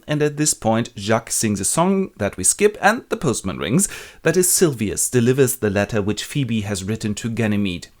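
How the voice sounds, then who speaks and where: Male host, lively, slangy comic narrator. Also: mid-range voice, normal speed. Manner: irreverent, slangy storytelling. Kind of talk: comic literature retelling.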